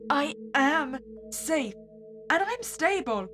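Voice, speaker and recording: A woman game streamer plays a horror visual novel, reading the player's lines aloud and tossing in wry, sarcastic asides. Her voice is high-pitched and very animated, her pace slow, with music in the background.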